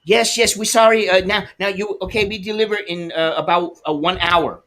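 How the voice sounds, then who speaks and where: A man imitating a flustered male grocery clerk who talks in halting, broken English on the phone. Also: sits high, steady tone, pushed and bright, pitched above the performer's own voice. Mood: apologetic.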